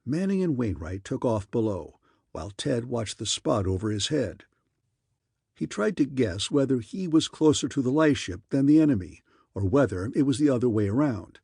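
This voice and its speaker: A man narrating a science fiction audiobook in a steady storytelling manner. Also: mid-range voice, normal speed, vocal fry, husky, no echo, clean studio sound. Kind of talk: scripted narration.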